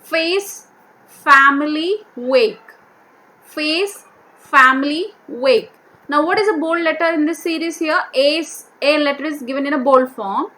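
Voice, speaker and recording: A woman teacher going through a vocabulary worksheet, repeating each word and slowly sounding out its syllables. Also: high-pitched, pushed and bright. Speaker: English teacher.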